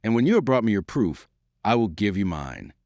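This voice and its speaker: A man's voice: fairly low pitch, big pitch swings, a little fast, a little mellow, no echo, clean studio sound. A man voicing an angry, haughty queen who speaks with cold sarcasm in an audiobook reading. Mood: scornful.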